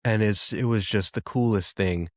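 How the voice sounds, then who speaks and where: Low-voiced man telling a reflective personal story. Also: no echo, studio quality. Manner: reflective, halting, with frequent restarts. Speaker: podcast host.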